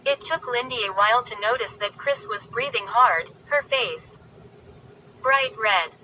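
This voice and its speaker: A woman narrating a spooky story in a slow, deliberate storytelling manner. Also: a little high, animated, bright, forceful tone, a little hiss or hum, rough recording. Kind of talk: audiobook narration.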